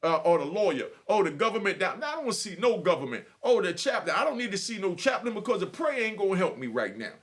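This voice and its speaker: A man's voice: high-pitched, big pitch swings, fast talker, hardly any pauses. A middle-aged man telling a personal story in an emotional, earnest way, with street slang and frequent check-ins with the listener. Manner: earnest street talk, repeats "you know what I mean". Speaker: vlogger telling prison stories.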